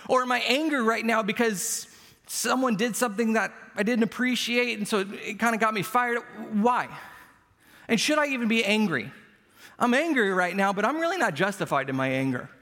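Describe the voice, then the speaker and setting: A pastor delivers a sermon in a church sanctuary, his voice high and sharp. He's conversational and pokes fun at himself, using everyday stories to make his points. The recording carries the long reverb of a church hall.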